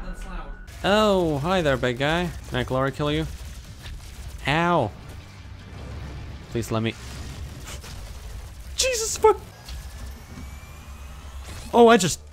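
A man's voice: on the high side, very animated, normal speed, long pauses, a bit bright, faint music behind. A young man streaming his first playthrough of a shooter game, jumpy and swearing, talking back to the enemies and mocking himself. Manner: jumpy, swears a lot, yelps when startled; self-mocking, talks to the enemies. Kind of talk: casual gameplay commentary.

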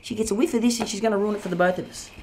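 A woman playing a loud, brash male Australian bogan junk seller who rants crudely in a comedy film. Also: medium pitch, fairly even intonation, very fast, slight background noise, close to an everyday voice. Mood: ranting. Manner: bossy, ranting and crude. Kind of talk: low-budget comedy film acting.

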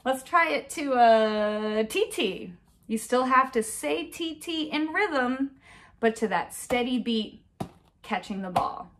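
A woman's voice: fairly high pitch, slow pace, slight background noise. Upbeat woman music teacher. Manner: upbeat and encouraging, chanting rhythm syllables to a steady beat. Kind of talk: at-home music lesson for children.

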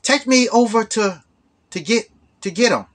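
A grinning, overly cheerful hustler, as a man puts him on while telling a story, pitched up high and gushing with eager praise. He talks slowly and sweetly, laying on a pushy sales pitch with a husky edge. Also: lively intonation, a bit bright, exaggerated voice. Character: overly cheerful smooth-talking male hustler.

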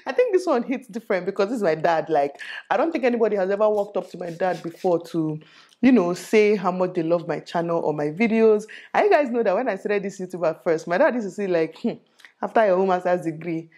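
A woman's voice: mid-range voice, lively intonation, quick pace, mellow. A Nigerian woman in her thirties, a beauty vlogger chatting casually and laughing often as she styles a wig and tells a story. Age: 30s. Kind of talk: casual chat while styling a wig.

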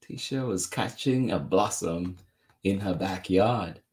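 A man's voice: sits low, takes it slowly, a little mellow. A man reading a children's picture book aloud, chuckling often and adding exclamations between pages. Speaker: children's story reader.

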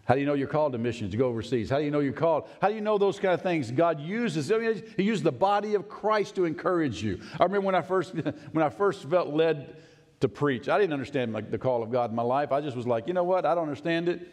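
A male pastor preaching a sermon in a folksy, animated way, swinging from excited high bursts to low, quiet emphasis and laughing often. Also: quick pace. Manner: folksy, laughs often, acts out his own past words. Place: church sanctuary. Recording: long reverb of a church sanctuary.

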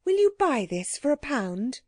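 A woman's voice: high voice, big pitch swings, a little slow, a little mellow, no echo, studio quality, pitched above the performer's own voice, exaggerated voice. A woman voicing an earnest, resourceful young girl in a children's audiobook. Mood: eager. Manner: eager, pleading, practical.

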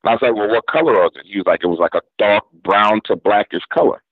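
A man with a New Orleans accent and a voice on the low side, spinning a yarn as a radio guest. He acts out the back-and-forth of a conversation in laid-back, slangy speech. The sound is dry and dull, like lo-fi radio audio. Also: fast talker, husky, no room sound. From New Orleans, Louisiana. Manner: retells story with quoted back-and-forth dialogue, drawling casual slang. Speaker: guest storyteller. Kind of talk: casual storytelling interview.

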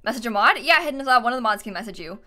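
A young woman talks casually on a live stream, thanking viewers and reading chat aloud between bursts of giggles. Her voice sits a bit high and bright, and it swoops up and down with lively expression. She fills her pauses with plenty of ums and uhs. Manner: giggly, chatty, reads chat aloud with many fillers.

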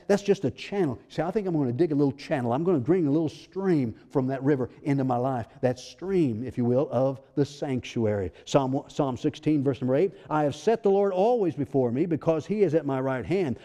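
A man preaches a sermon, his voice sitting a little high for a man yet mellow and dark in tone. He presses his points with repeated rhetorical questions and rising emphasis. The sound carries a long reverb from a church hall. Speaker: pastor. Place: church sanctuary.

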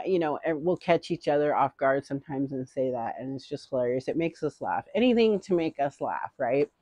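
A woman's voice: low voice, dark tone, no room sound. A middle-aged woman vlogger in casual, rambling haul chat, giggling often.

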